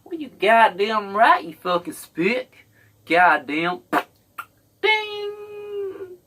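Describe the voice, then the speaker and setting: A man putting on an angry, bigoted man who talks slowly and with hostility. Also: sits high, sing-song, bright, forceful tone, voice pushed up, full character voice. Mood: snarling. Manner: slow, snarling, hostile.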